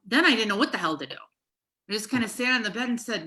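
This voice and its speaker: Woman therapist-host, bright crisp tone, lively storytelling, casual podcast chat. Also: fairly high pitch, fast. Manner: animated storyteller who swears lightly.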